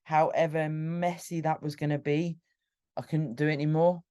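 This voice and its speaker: A British woman talks through her own story on a solo podcast, candid and emotional, sometimes restarting her sentences. Her voice is warm and mellow rather than bright. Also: deep voice, level tone, normal speed, clear, resonant tone. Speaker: podcast host. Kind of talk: personal storytelling monologue.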